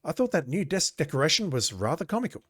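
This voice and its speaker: A chatty, gossiping male cop from an old adventure game, as a man reading the game voices him. He talks up in a clearly high register with a lively, bouncing pitch. He sounds eager to share the latest office rumor. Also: fast. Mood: gossipy.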